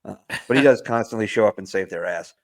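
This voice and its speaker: A man co-hosting a podcast, casually recapping a movie plot with lots of filler words. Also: on the low side. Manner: rambling plot recap with filler words and quick put-on quotes. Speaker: podcast co-host. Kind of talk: casual movie review chat.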